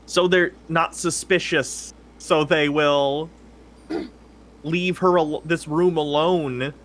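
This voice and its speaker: A man playing a tabletop game, excitable and planning aloud, swearing casually. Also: fairly high pitch, takes it slowly. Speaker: player.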